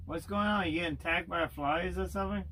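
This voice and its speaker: Blunt, crude man with a higher voice. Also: fast talker, pushed and bright, slight background noise. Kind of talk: casual livestream chat. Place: inside a camper van.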